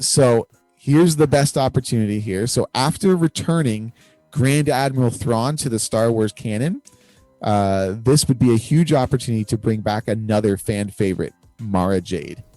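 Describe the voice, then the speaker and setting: A man's voice: lowish voice, mellow, dry recording. A man co-hosting a casual fan discussion show, rambling with many fillers and frequent laughs. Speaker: podcast co-host.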